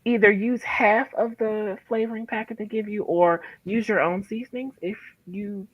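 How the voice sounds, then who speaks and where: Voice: mid-range voice, steady tone, moderate pace, dry recording. A co-host on a casual livestream, chatting in a friendly way and giving practical tips, with frequent restarts. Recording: slightly muffled dry sound.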